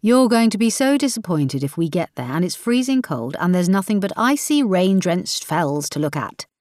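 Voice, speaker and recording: A woman voicing a married man who is dry and gently mocking, with a lively, rather low voice. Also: no room sound. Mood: teasing. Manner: wry, measured, gently mocking.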